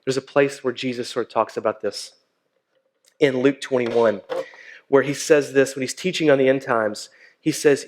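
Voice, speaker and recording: A man's voice: mid-range voice, normal speed. A man preaching a sermon in a conversational way, with frequent fillers and restarts. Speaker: pastor.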